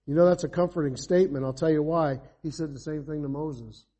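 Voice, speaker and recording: Fervent husky-voiced male preacher. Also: a little high, steady tone, fairly quick. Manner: fervent, rises to emphatic calls then drops to quiet asides; asks the congregation rhetorical questions. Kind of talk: evangelistic sermon.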